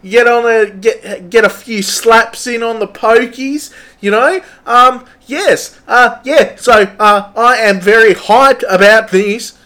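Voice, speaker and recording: A man voicing an excitable, cheerful young Australian tradesman who rambles loudly and stammers with an Australian accent. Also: extremely high pitch, slow pace, few pauses, voice pushed up, exaggerated voice. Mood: hyped. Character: hyped, cheerful young Aussie tradie bloke. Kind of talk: improvised comedy character.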